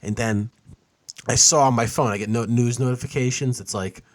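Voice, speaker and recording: A man's voice: mid-range voice, fairly even intonation, normal speed, no room sound. Sarcastic man telling stories, dry sound. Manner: sarcastic, joking storytelling. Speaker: podcast co-host. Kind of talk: casual chat.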